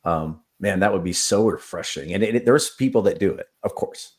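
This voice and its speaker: Chatting in a casual interview, a man with a lowish voice who works as an assistant wrestling coach talks a little fast. He tells stories loosely and conversationally, acts out what people said, and fills his speech with "um" and "like."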